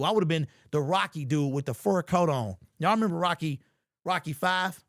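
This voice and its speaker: A man's voice: on the high side, moderate pace, no room sound, studio quality. A man hosting a casual sports talk show, joking around with big exaggeration and lots of slang. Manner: animated, joking and hyperbolic, slangy.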